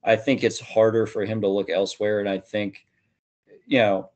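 Low-voiced man rambling on a podcast. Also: little pitch movement, moderate pace, darkish tone. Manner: rambling, hedging with many fillers. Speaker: podcast host. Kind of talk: casual sports podcast chat.

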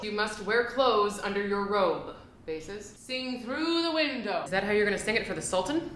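A woman playing a fussy, exasperated high school choir director who bursts into operatic singing. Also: lively intonation, normal speed, fairly bright tone, roomy sound, close to an everyday voice, poor audio. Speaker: comedian. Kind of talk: comedy sketch.

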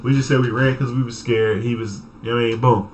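A young man telling a story from his childhood in a casual, animated way, full of cursing and laughter. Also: mid-range voice, quick pace, slight background noise. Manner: animated, profane, laughing, acts out voices. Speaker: vlogger.

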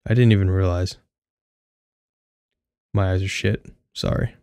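A young man reads a first-person story with a wry, candid edge and the odd curse. His voice sits low and stays fairly flat, smooth and clear. The sound is dry and close, with no room to it. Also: unhurried, no echo. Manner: candid, wry, casually profane. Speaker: audiobook narrator.

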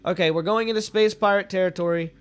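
A young man casually commentating a video game, joking and swearing, with sudden goofy shouts. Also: high voice, fairly even intonation, fast, clear, resonant tone. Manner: joking, profane, playful bursts of goofy shouting. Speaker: let's play gamer.

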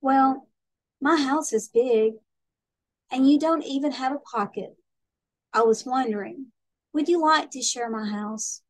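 A woman's voice: high-pitched, a little slow, pauses often, no room sound, voice pushed up. A woman doing a sweet eager little snail. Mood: friendly. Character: friendly kind female snail.

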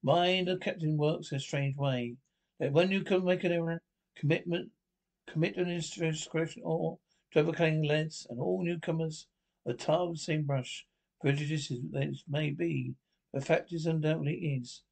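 Man doing a pompous ship officer, long-winded and fussy, bit high pitched. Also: steady tone, moderate pace, gravelly.

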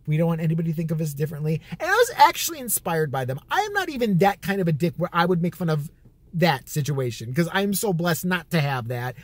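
A man's voice: fairly high pitch, no room sound. A man vlogging, telling crude comic stories in a rambling, profane way that keeps correcting itself. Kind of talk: comic storytelling.

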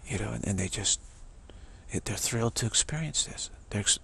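A man giving an informal spiritual talk, halting and repeating himself, often sinking into a whisper. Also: on the low side, expressive, gravelly, a bit bright, slightly rough. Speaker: spiritual speaker.

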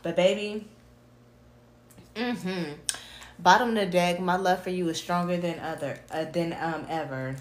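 A woman doing a casual tarot reading, animated and full of slang, laughing and humming between cards. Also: on the low side, measured pace, pauses often, echoey room, background noise. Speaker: tarot reader.

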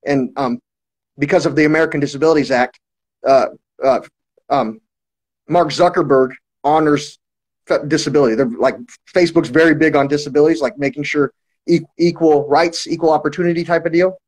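A man's voice: a little high, brisk, darkish tone, rough recording. A man talking to his livestream viewers in a long, rambling monologue, full of restarts and swearing. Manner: repetitive restarts, heavy swearing.

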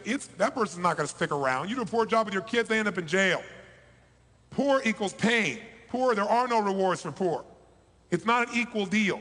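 A man giving a motivational seminar speech to a live audience, emphatic and swinging between loud bursts and hushed lows. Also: husky, big-room sound. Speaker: motivational speaker. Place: large hall before a live audience.

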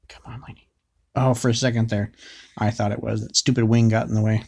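A man's voice: fairly low pitch, little pitch movement, quick pace, vocal fry, dark tone. A man chatting casually while playing a mobile game, joking and eagerly cheering for good results. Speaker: co-host summoning for a viewer.

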